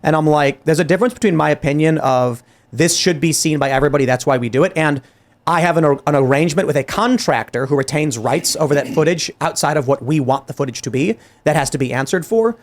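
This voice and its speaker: A man hosting a political talk show, speaking in an animated, exasperated way with many restarts and acted-out quotes. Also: on the high side, quick pace. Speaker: podcast host. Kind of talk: heated political commentary.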